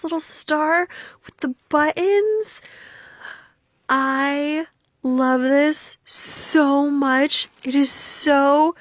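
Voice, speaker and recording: A young woman chatting through a craft vlog, slow and unhurried yet excitable, sliding from soft whispers into high squeals. Her voice sits a little high and sounds close and dry, with no room around it. She gushes over every item she shows. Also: no echo. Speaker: vlogger. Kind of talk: casual vlog, showing crafts.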